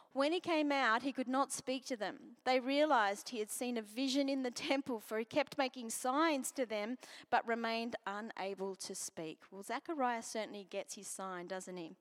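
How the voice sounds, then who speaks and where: A woman preaching a sermon and reading scripture, earnest, moving from strong emphasis to soft near-whispers. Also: fairly high pitch. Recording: long hall reverb.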